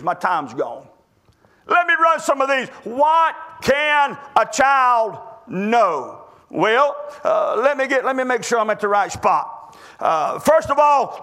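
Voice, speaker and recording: A middle-aged preacher man delivers a folksy sermon in a very high, bright, keen voice. He often stumbles and restarts his phrases as he tells his stories. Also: sing-song, normal speed. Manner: folksy storytelling with repeated restarts.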